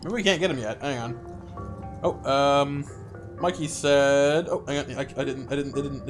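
Bright-voiced man streaming gameplay. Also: a little high. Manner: playful, chatty, greets viewers. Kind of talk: live gameplay commentary.

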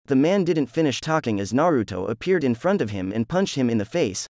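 A man narrating a fan story in a plain, even scripted reading. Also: medium pitch, a little fast, dry recording, clean studio sound.

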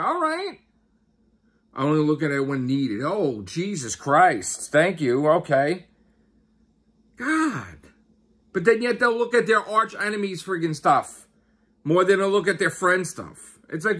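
A man's voice: sits high, sing-song, unhurried, fairly bright tone, breathy edge. A man who hosts a YouTube channel and podcast, giving an exasperated, profane rant and repeating his questions. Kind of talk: angry ranting vlog.

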